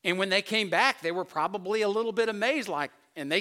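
A man's voice: high voice, fast talker, hardly any pauses. A man preaching a sermon, reading scripture and acting out the voices of the disciples, sometimes dropping to a near whisper for emphasis. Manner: animated, acts out voices of the disciples. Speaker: pastor.

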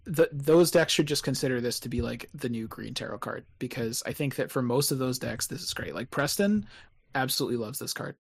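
A man co-hosting a relaxed podcast chat about a card game. He thinks out loud, circling back and restarting his sentences as he works through a point. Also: medium pitch, brisk, gravelly, breathy edge. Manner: thinks aloud with many restarts and hedges. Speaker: podcast co-host. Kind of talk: casual card game discussion.

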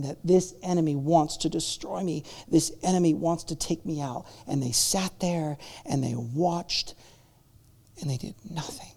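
A man preaching a sermon, swinging between loud, drawn-out preaching and quiet asides, acting out the people in the story. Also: fairly high pitch, vocal fry. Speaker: pastor.

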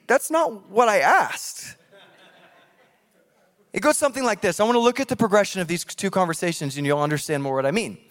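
A man preaching a sermon in a church, animated and jokey, acting out voices from scripture. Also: sits high. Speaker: pastor. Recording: long hall reverb.

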